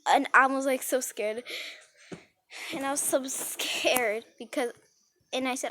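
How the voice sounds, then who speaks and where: A woman's voice: high-pitched, unhurried, pauses often, bright, forceful tone. A woman telling a rambling story in a casual storytime style, with frequent restarts and acted-out dialogue.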